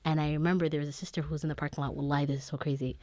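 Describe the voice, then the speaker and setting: Low-voiced woman telling a tearful story. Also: level tone, a little mellow, no echo. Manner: earnest, halting, emotional retelling. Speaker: guest. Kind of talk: personal storytelling.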